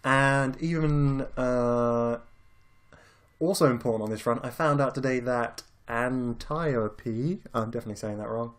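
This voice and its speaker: A man's voice: medium pitch, steady tone, normal speed, a bit bright. A British man casually chatting about films as a podcast co-host, laid-back and rambling, swearing now and then. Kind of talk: casual film chat.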